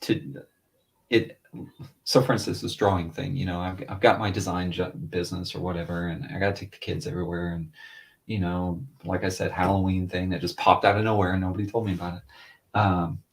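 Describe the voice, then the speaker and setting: A man's voice: deep voice, flat delivery, a little fast. A man in his thirties, a father telling a long story in casual chat, rambling and chatty, lifting his voice when he quotes others. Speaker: podcast co-host, father.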